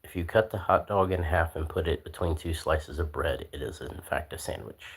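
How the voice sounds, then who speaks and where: A man hosting a casual livestream, talking in a laid-back, soft-spoken way with lots of fillers. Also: rumbling low, brisk, breathy edge. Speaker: livestream host.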